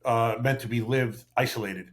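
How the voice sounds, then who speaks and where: A man's voice: mid-range voice, fairly even intonation, normal speed. A man in his fifties, a retired cop, reflecting frankly in casual podcast chat and swearing now and then. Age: 50s. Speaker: podcast guest, retired police officer.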